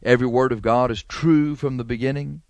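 A man delivers a fervent radio sermon in a middle-range voice. He hammers points through repetition and lets his voice surge high and loud. The sound is dry and close. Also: fairly even intonation, brisk, no echo. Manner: fervent, repetitive preaching with sudden rises in pitch and volume. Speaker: radio preacher.

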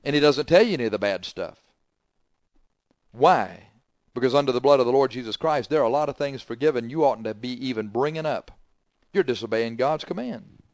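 A man's voice: medium pitch, lively intonation, brisk, darkish tone, dry recording, studio quality. A man preaching a sermon, hammering the congregation with confrontational rhetorical questions.

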